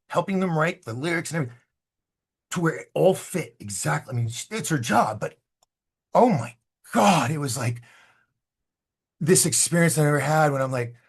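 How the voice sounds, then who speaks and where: Male filmmaker guest, husky timbre, animated storyteller who acts out quotes. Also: on the high side. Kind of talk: storytelling in a casual interview.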